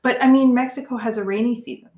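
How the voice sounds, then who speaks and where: A woman's voice: a little high, steady tone, fast, a little mellow, echoey room. A young woman co-hosting a casual chat, talking with lots of fillers and drifting off topic. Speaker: podcast co-host.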